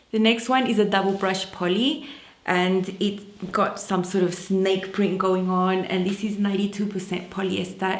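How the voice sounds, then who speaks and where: A woman talks through a casual fabric haul for her sewing channel, chatty and enthusiastic, with plenty of fillers. Her voice sits at an ordinary middle pitch. The room around her rings with noticeable echo.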